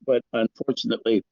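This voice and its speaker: A man's voice: mid-range voice, vocal fry, no room sound. A man from a small Midwestern town who tells jokes on a video call, laughing often and doing voices for the characters. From small Swedish town in the US Midwest. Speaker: participant in a Zoom class. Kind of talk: casual joke-telling on a video call. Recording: dull, dry video-call audio.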